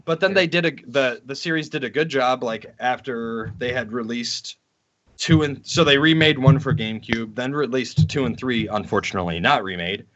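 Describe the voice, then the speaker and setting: A man's voice: mid-range voice, normal speed, slight background noise. Crude, rambling male podcast co-host. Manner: rambling, crude, animated ranting. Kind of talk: casual gaming chat. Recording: dull lo-fi recording.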